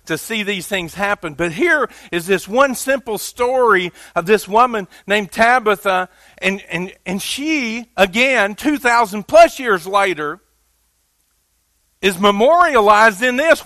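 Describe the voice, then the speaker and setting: A man's voice: high voice, sharp tone, dry recording. A man preaching a sermon as pastor in a loose, conversational way, building to emphatic rises on key points. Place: church.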